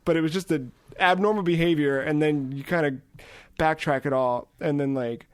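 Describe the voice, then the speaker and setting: A man hosting a podcast, telling a long story in rambling, profane, animated casual talk. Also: a little high, moderate pace, no echo, clean studio sound. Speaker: podcast host. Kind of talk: casual chat, anecdote.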